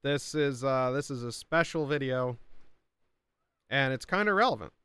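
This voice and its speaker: A man's voice: mid-range voice, lively intonation, normal speed, a bit bright, slight background noise. A man streaming live and reacting to videos, talking casually with lots of fillers and plenty of swearing. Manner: rambling and profane, with frequent fillers. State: frustrated by buffering.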